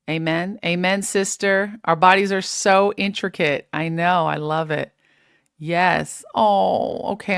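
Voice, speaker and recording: Woman, live-stream host, low voice, energetic, motivational preaching, dry close mic. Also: vocal fry, dry recording. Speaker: host of a live fitness show. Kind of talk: live-stream talk reading viewer comments.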